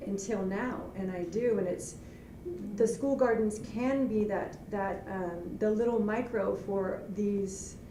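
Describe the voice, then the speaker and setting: A woman's voice: medium pitch, slow pace, dark tone. A nervous woman sharing with her class, eager and rambling. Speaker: student, school garden founder. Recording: echoey room, distant, noisy.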